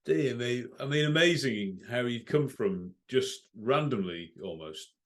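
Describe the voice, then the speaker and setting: A man hosting an interview podcast, giving brief relaxed responses and chatting casually. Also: medium pitch, measured pace. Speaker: podcast host.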